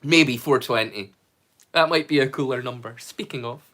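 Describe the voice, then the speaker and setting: A mid-range male voice at a moderate pace belongs to a livestream host running a casual watch-along. He chats, jokes and swears freely with his viewers and greets them loud and bright.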